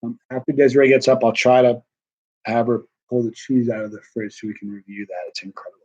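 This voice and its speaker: A man's voice: medium pitch, fairly even intonation, quick pace, a little mellow, highs cut off. A middle-aged man chatting casually on a live stream, rambling and self-deprecating, worn out and wired at once. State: tired and wired. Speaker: vlogger answering live chat.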